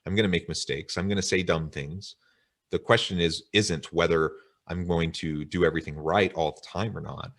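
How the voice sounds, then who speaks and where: Very deep-voiced male webinar host. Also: steady tone, moderate pace, fairly bright tone. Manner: reflective, wordy, with filler ums. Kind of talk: interview chat.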